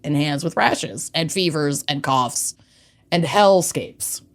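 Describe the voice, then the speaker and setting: A woman co-hosting a podcast, chatting casually in fast, animated banter. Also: deep voice. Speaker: podcast co-host. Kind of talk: casual chat.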